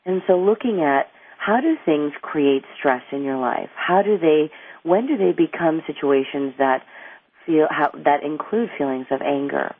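A woman's voice: deep voice, lively intonation, a little slow. A middle-aged woman, an anger management coach, explains her ideas earnestly as an interview guest, rambling a little and restarting sentences. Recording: tinny phone line, dry.

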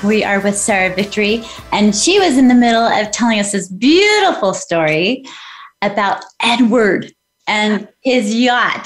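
A woman hosting a radio talk show, welcoming listeners back and recapping a guest's story. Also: on the high side. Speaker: radio host.

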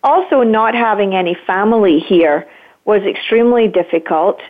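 A woman, a guest on an interview show, speaking reflectively and sometimes pausing to search for words. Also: mid-range voice. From Scotland. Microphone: phone. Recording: tinny phone line.

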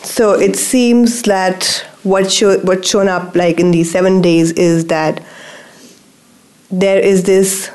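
A woman with a fairly low, darkish voice speaks slowly and fairly evenly, and the audio is poor. She's a guest on a coaching show receiving facilitation, hesitant and full of fillers and restarts as she opens up in casual conversation.

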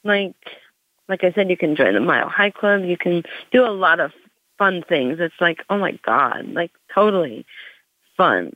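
A Gen X woman in her forties or fifties, with a lowish, animated voice at normal speed, delivers a meandering stand-up monologue. She keeps interrupting herself, restarting and saying "like" a lot. The recording is dry and tinny, like a phone, with no room sound.

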